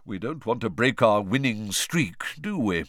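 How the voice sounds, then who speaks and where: A man's voice: lowish voice, very animated, measured pace, a bit bright, no echo. A man reading an audiobook voicing a fussy, genteel old male ghost, with a prim, chatty manner. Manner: prim and chatty, full of gossip.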